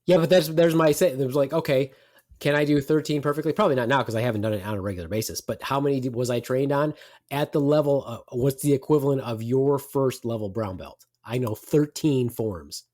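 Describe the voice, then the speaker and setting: A man's voice: medium pitch, fairly quick, a little mellow. A middle-aged man hosting a podcast, teasing and rambling in casual banter. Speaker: podcast host.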